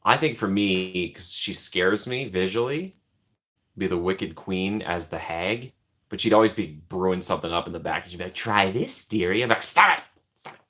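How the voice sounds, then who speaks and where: A man hosting a live stream, rambling casually and joking as he thinks out loud while reading the chat. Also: low-pitched, normal speed.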